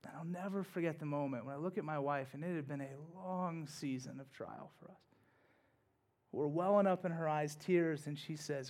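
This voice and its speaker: A male pastor preaching in church, telling a personal story in a conversational way that swings from hushed to loud and emphatic. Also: high-pitched. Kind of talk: sermon told as a personal story.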